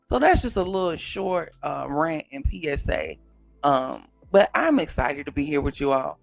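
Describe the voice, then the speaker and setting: A man hosting his own pop culture vlog from a small home studio, animated and chatty, talking straight to viewers with repeated catchphrases. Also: fairly high pitch, normal speed, creaky, no echo, soft background music. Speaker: YouTube pop culture reviewer. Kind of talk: casual vlog intro.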